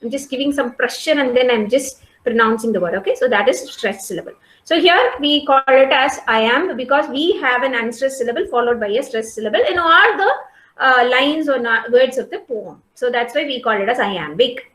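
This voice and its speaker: A woman's voice: sits high, animated, moderate pace, fairly bright tone. A woman teaching a class, talking patiently with many fillers and checking whether students follow. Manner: patient, repeats and checks understanding. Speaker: lecturer. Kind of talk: classroom lecture. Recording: echoey room.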